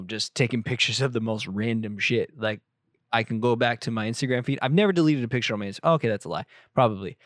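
A man's voice: fairly low pitch, no echo, clean studio sound. A young man, a photographer, answering viewer questions in casual chat, rambling with lots of swearing and self-corrections.

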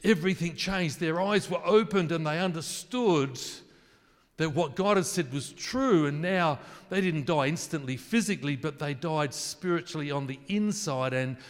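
A man with a fairly high voice speaks at normal speed in a large hall, preaching a conversational sermon in which he questions his listeners and jokes about his choice of words.

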